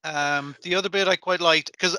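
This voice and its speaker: A man's voice: on the high side, fairly even intonation, moderate pace, bright, forceful tone, no echo. A man hosting a podcast in casual chat, swearing freely and acting out characters' lines. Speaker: podcast host.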